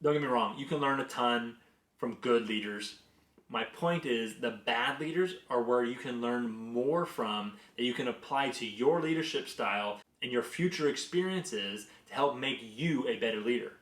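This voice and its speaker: A man's voice: medium pitch, moderate pace. A man in his thirties, a business executive, sharing career lessons through earnest, conversational personal stories. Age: 30s. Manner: conversational, earnest, animated in anecdotes. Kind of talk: reflective personal storytelling and advice. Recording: roomy echo.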